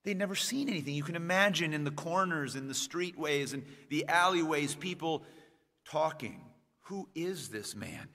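A man delivering a sermon, pausing on slowed, stressed phrases and climbing into emphatic bursts. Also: a little high, sharp tone. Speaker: preacher. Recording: long reverb of a church hall.

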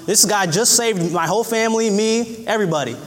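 A man's voice: high voice, fairly quick, big-room sound. A man preaching a sermon, earnest and folksy, who acts out little scenes as he speaks. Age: adult.

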